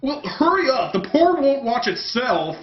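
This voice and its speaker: A man's voice: high-pitched, quick pace, pitched above the performer's own voice. Casting: raised, pushy bro voice, done by a man, roomy room. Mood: eager. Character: loud eager adult male gamer buddy. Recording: roomy, dull sound, faint music.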